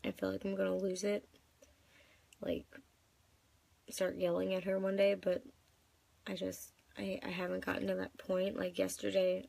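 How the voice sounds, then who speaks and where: A woman's voice: medium pitch, completely flat delivery, normal speed, creaky, pauses often, darkish tone, slight background noise. A woman in her twenties venting in a live video, crying and upset, rambling with many fillers. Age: 20s. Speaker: vlogger.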